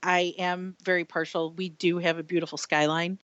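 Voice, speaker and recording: A woman's voice: on the low side, level tone, normal speed, fairly bright tone, clear, resonant tone, no room sound. A woman from Chicago with a Chicago accent, a guest in an interview, talking with enthusiasm and laughing easily. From Chicago, United States. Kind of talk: conversational interview. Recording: dull remote call audio.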